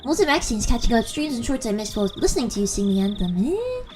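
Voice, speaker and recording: A woman's voice: on the high side, very animated, quick pace, a little mellow, faint music behind. A woman streamer chatting casually, giggling often and rambling through restarts, on a handheld mic held close. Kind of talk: casual live-stream chat.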